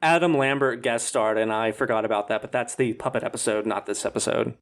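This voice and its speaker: A man's voice: medium pitch, brisk. A man co-hosting a podcast in casual chat, rambling and snarky with lots of filler words. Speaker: podcast co-host.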